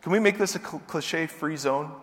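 High-voiced preacher in a reverberant hall. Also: male voice, fairly quick. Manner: animated, swings from quiet to loud emphatic. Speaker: pastor. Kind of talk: sermon.

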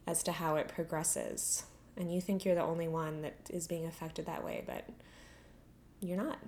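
A woman's voice: on the low side, a little mellow, a little hiss or hum. A young adult woman hosting a podcast, talking candidly and earnestly in a conversational way, a little out of breath. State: slightly out of breath. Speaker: podcast host. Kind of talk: personal reflective talk.

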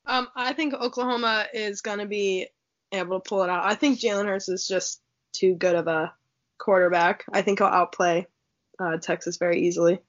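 A woman on a casual sports podcast makes her picks and quickly defends her side. Her voice sits at an ordinary pitch. She sounds far from the mic, and the audio is dull and lo-fi. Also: fairly even intonation. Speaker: podcast co-host.

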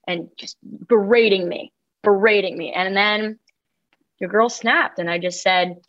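A young woman from New York City, a guest musician on a podcast, telling animated stories and swearing casually. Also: medium pitch, a little slow, dull audio.

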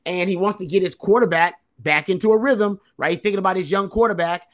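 Man, high voice, sports podcast co-host, casual analysis, emphatic repetition. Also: fast. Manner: emphatic, repeats phrases for stress.

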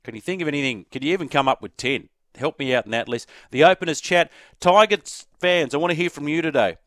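Chatty Australian sports radio host. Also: male voice, on the high side, fairly bright tone, no room sound, clean studio sound. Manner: chatty, rapid, takes listener texts. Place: radio studio. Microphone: studio microphone.

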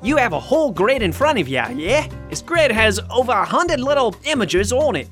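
A man putting on a comic Australian accent to pitch a board game as an over-the-top Australian salesman who keeps asking "yeah?". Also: very animated, fairly bright tone, soft background music, full character voice. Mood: jokey pitch. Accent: put-on Australian. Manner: sing-song, drawn-out, keeps adding "yeah?".

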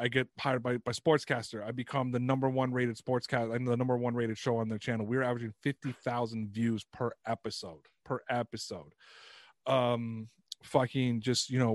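A man from Canada talks as a guest on a podcast, rambling through his story with plenty of swearing. His voice sits at a middle pitch. The recording is dry, with almost no room sound. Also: no room sound. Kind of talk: casual chat.

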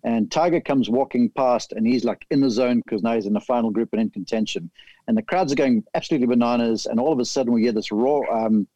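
Mellow-voiced man telling a golf story. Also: mid-range voice, quick pace, dry recording, lo-fi sound. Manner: animated, vivid storyteller. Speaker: golf analyst guest. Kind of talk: casual storytelling chat.

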